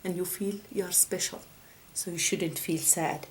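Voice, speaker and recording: Woman speaker, faith talk, stop-start phrasing, lowish voice, faint hiss. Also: fairly even intonation, poor audio. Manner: halting, with many restarts and repeated words. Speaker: religious speaker.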